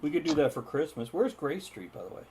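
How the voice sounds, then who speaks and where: A man's voice: on the high side, quick pace. Talk show guy, voice all over the place, chatty, noisy crowd in the back. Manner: animated, laughing, bursts into jokey put-on accents. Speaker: podcast host. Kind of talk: casual chat.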